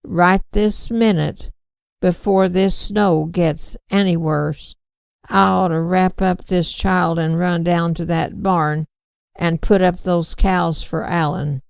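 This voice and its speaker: A gentle, worried farm mother speaking slowly and softly to her child, as a woman reads her part. Her voice is low and gravelly, set in a dry, close recording. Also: fairly even intonation, no echo. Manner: gentle, soothing.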